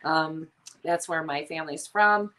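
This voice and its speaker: A woman's voice: low-pitched, unhurried, fairly bright tone. A woman with a nasal Chicago accent hosting a casual live chat, chatty and full of ums. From Chicago area, USA. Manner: chatty, reads comments aloud, many ums. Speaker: livestream host.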